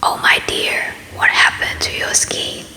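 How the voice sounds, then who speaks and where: A woman voicing a worried middle-aged noblewoman mother as whispered role-play, in a soft, fretful whisper. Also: unhurried, echoey room. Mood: anxious.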